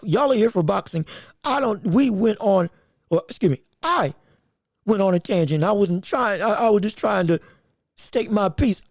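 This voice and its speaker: A woman hosts a live-streamed sports podcast, rambling emphatically and sharing strong opinions while often pausing to greet viewers in the chat. Her mid-range voice is creaky and a little mellow, with clean, dry studio sound.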